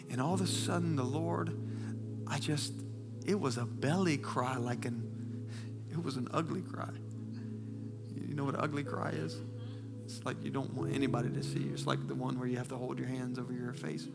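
A male pastor preaching a sermon, swinging from loud, impassioned declarations to hushed, near-whispered confessions while holding back tears. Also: mid-range voice, steady tone, normal speed, creaky, over loud music.

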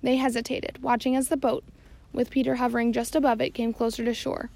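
A woman's voice: fairly high pitch, little pitch movement, a little fast, gravelly, darkish tone. A woman narrating an audiobook chapter, reading steadily with occasional slips and self-corrections. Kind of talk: scripted narration.

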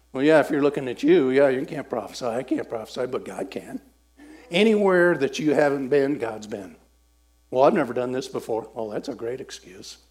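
A man preaching a sermon and telling a story, acting out voices and swinging between loud and soft. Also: medium pitch.

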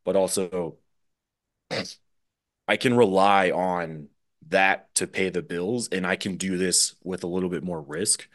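A young man from the American Midwest talks casually as a podcast guest. His voice sits very low, and he rambles in a loose, easygoing way, laughing readily. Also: unhurried. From Midwest USA. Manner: relaxed, rambling, laughs easily. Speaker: drummer guest.

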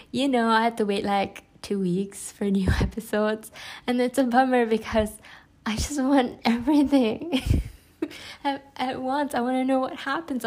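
A woman chatting casually and excitedly about something she loves. She rambles, restarts sentences and fills pauses with "like" and "um". Her delivery is gushing and warm with frequent laughter. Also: a little high. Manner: enthusiastic, laughs often. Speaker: podcast reviewer. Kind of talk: casual chat.

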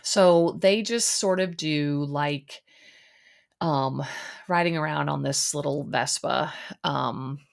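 A woman's voice: low voice, slow pace, vocal fry. A woman hosting a podcast, giving a chatty, opinionated recap of a reality dating show with lots of ums and likes. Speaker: podcast host.

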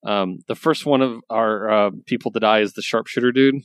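A man's voice: fairly low pitch, fairly even intonation, brisk, clean tone, no room sound. A man co-hosting a comics podcast in casual chat, loose and rambling, enthusiastic and swearing casually. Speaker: podcast co-host reviewing comics.

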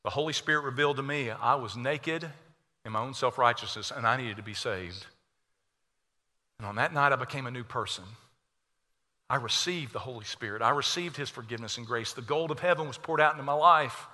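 A man preaching a sermon as a pastor, impassioned, swinging between loud declarations and hushed prayer. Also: mid-range voice, fairly quick, big-room sound. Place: church sanctuary.

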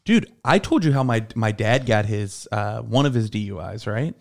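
A man telling a casual, animated story with plenty of swearing and "like" fillers. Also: on the low side, normal speed, gravelly. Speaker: comedy podcast guest.

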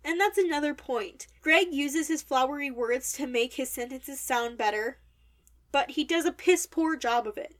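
A woman's voice: high voice, normal speed. A young woman giving an opinionated, wordy critical review of a novel. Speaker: book reviewer. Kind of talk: critical book review monologue.

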